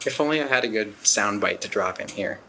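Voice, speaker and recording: A man's voice: on the low side, lively intonation, fairly quick, bright, forceful tone, slight background noise. A man co-hosting a podcast in casual chat, wry and questioning, laughing often. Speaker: podcast co-host.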